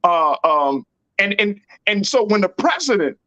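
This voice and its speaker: A man's voice: high voice, sing-song, unhurried, pushed and bright, no room sound, muffled recording. A man hosting a political talk show, speaking in an emphatic, slangy and repetitive way. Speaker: host.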